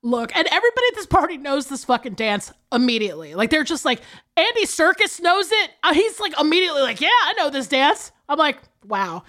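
A woman in her thirties co-hosting a casual movie podcast, animated and profane, laughing often. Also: high voice, quick pace. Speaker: podcast co-host.

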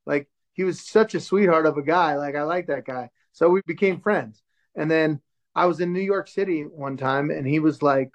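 A man in his forties telling a story in a casual chat, acting out the voices of the people he quotes. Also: fairly high pitch. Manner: animated, acts out quoted dialogue. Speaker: show host telling a story as podcast guest. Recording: dull lo-fi sound.

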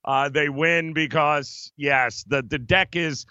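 A man's voice: a little high, takes it slowly, sharp tone, clean tone, no echo, lo-fi sound. A man co-hosting a sports betting show, talking emphatically in casual chat and often laughing. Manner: emphatic, laughs often, addresses co-host by name.

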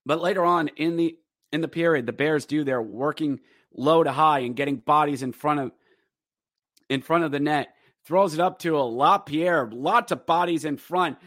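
A man hosting a podcast, giving a rambling, animated casual recap of a hockey game. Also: fairly high pitch, moderate pace, dry recording, clean studio sound. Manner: rambling and animated, breaks into acted quotes. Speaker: podcast host.

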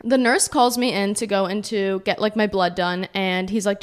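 A woman's voice: mid-range voice, brisk, few pauses. A young woman in her twenties, a podcast host telling a personal story in a chatty, casual way and saying "like" a lot. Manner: chatty, heavy use of "like".

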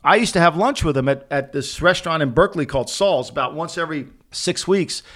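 A middle-aged man co-hosting a casual sports talk show, telling lively anecdotes and acting out the people in them. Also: fairly high pitch, fairly quick. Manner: animated anecdote-teller, acting out quoted voices. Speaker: podcast co-host, former NFL executive. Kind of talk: casual storytelling chat.

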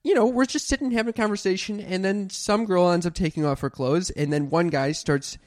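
A podcast co-host telling a story in casual chat, animated and full of restarts and "like". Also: mid-range voice, a little fast, dry recording, studio quality.

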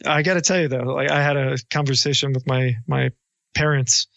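A man's voice: mid-range voice, steady tone, fairly quick, vocal fry, a bit bright, no room sound, muffled recording. A man hosting a podcast, chatting casually and rambling with many restarts. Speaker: podcast host.

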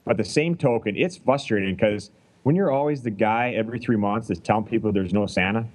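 A middle-aged Canadian chiropractor, appearing as a guest, chats casually on a podcast in a lowish, fairly quick voice over poor audio. He's an animated storyteller who acts out the lines he quotes.

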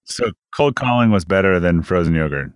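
A man hosting a podcast, asking questions in a brisk, conversational way. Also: low voice, lively intonation, no room sound, clean studio sound. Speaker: podcast host. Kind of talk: interview questions and ad read.

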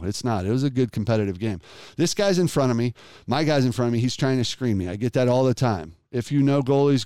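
Foul-mouthed guy in his 40s telling a story, smooth clear voice, dry close sound. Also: mid-range voice, no echo. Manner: profane, animated storytelling. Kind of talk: casual storytelling chat.

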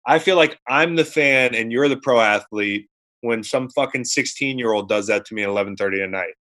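A man's voice: medium pitch, a little fast, fairly bright tone. An adult man co-hosting a podcast in casual chat, wry and rambling, with some swearing. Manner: wry, rambling banter with profanity. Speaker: podcast co-host.

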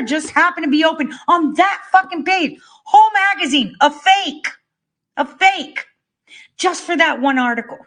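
A woman's voice: high-pitched, fairly bright tone. Profane, fired-up woman rallying listeners. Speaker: political speaker. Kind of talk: impassioned monologue.

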